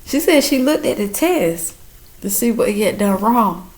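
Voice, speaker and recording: A mother shares her faith in a casual testimony vlog, speaking earnestly to her viewers and encouraging them while emotional and near tears. Her voice is medium-pitched, expressive, and a little mellow, at a measured pace.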